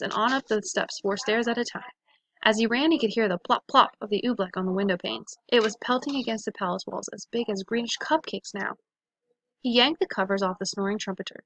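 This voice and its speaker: A woman's voice: mid-range voice, a bit bright. A woman reading a children's storybook aloud to listeners, giving each character a voice of its own.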